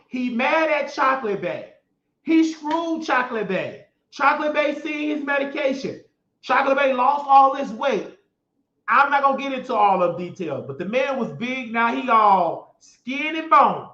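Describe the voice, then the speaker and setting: A man's voice: extremely high pitch, expressive, unhurried, sharp tone. A man hosting a show, delivering a sassy, mocking gossip rant and repeating phrases for emphasis. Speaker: show host. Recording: echoey room, dull lo-fi sound.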